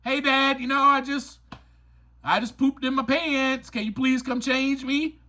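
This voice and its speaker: A man's voice: very high-pitched, steady tone, measured pace, bright, forceful tone, exaggerated voice. A man voicing a fussy toddler who pleads with his parents in a whiny, sing-song way. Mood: whiny pleading.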